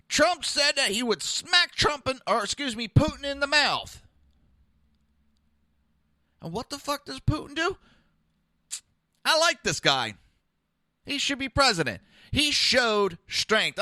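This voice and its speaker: Brief: male podcast host, high-pitched, dry close sound, aggressive and crude commentary. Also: sharp tone, dry recording. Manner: aggressive, profane, mocking. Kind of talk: political commentary rant.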